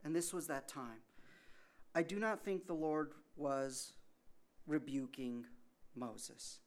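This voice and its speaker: Speaking slowly in a slightly high voice, a male pastor preaches in a conversational style. His rhetorical questions alternate with quiet asides and bursts of loud emphasis.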